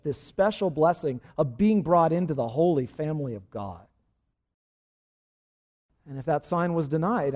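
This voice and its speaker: A man preaching a sermon, swinging from hushed, quiet lines to loud, rising passages and leading his congregation in repeating phrases. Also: on the high side. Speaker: pastor.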